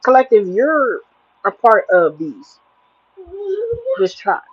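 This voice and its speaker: A woman's voice: medium pitch, expressive, slow pace, slightly rough, no echo. A woman tarot reader giving a spiritual livestream reading, talking in an emphatic, preachy, plain-spoken way, over dull lo-fi audio.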